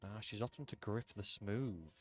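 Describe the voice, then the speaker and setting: A man's voice: fairly low pitch, normal speed. Chatty man commentating powerlifting. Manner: chatty, hesitant restarts, reads attempts off screen. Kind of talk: live sports commentary, casual chat.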